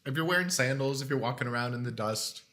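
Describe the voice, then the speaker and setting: A man's voice: medium pitch, fast talker, bright, forceful tone. A young man co-hosting a casual faith podcast, playful and laughing a lot. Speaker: podcast co-host. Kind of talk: casual chat on scripture.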